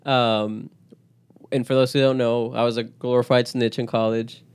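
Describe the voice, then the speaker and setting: Male co-host, easygoing storyteller who laughs a lot and does quick voices. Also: medium pitch, clear, resonant tone. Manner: animated storyteller, slips into impressions, laughs often. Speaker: podcast co-host. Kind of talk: casual chat.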